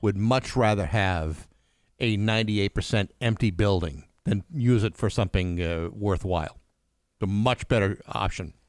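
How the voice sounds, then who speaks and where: A man's voice: on the low side, moderate pace, dry recording, studio quality. A man co-hosting morning radio with sardonic, wry remarks. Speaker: radio morning show co-host. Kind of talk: casual banter.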